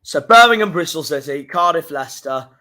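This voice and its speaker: A young man streaming live, reacting to football fixtures, swearing and fuming with loud outbursts. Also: on the high side, lively intonation, a little fast. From England. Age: young adult.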